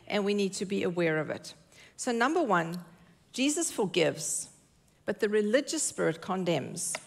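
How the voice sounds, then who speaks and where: A woman preaching a sermon in church, earnest and emphatic, repeating her key phrases. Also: mid-range voice.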